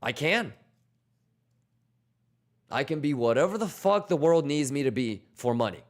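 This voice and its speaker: A man's voice: on the high side, big pitch swings, unhurried. A man hosting a trading livestream in casual chat. He talks bluntly and swears freely, coaching his viewers on discipline and reading their questions aloud. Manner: blunt, profane, motivational, reads chat aloud.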